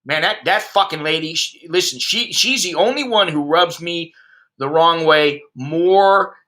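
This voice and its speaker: On his livestream, an American expat vlogger in his fifties rants at his viewers in blunt, profane terms. He talks a little slowly in a fairly high voice with a sharp edge.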